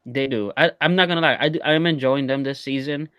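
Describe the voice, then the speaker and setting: A man chats casually as he recaps a reality TV episode with a co-host. He talks in a loose, unhurried way, full of ums and likes. The sound is close and dry, with no room echo. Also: medium pitch, smooth. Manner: relaxed, hesitant, many fillers. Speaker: podcast co-host.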